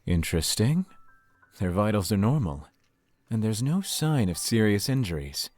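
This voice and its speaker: Man playing a courteous flirtatious official, lively intonation, persuasive, game character. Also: lowish voice, normal speed, soft background music. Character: polite, flirtatious male town official. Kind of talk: video game voice acting.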